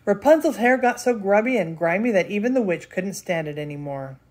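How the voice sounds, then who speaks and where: An older woman, a grandmother, reading a picture book aloud with lively expression. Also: mid-range voice, brisk. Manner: expressive, laughs between lines. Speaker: storyteller.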